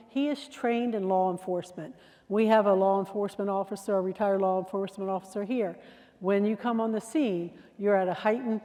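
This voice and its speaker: A woman trainer talks through security procedures with a conversational, down-to-earth delivery. She sometimes acts out the phrases people might say. Her voice is dark and mellow, and it carries a long reverb from a large room. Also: medium pitch. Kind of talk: training presentation.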